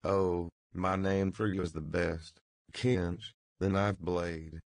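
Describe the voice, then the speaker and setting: A brash young man full of mockery and gaiety, read by a male audiobook narrator. The delivery stays low and unhurried, with a gravelly edge. The sound is dry and close. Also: little pitch movement, no room sound, full character voice. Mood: mocking. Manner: brisk, gay, teasing. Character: jaunty mocking young man, brash joker.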